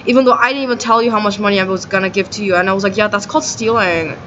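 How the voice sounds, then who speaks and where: A woman's voice: medium pitch, racing, a bit bright. A woman in a rambling, agitated monologue to camera, indignant and peppered with "like". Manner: agitated and indignant, many "like" fillers. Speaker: vlogger. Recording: dull lo-fi audio with faint noise.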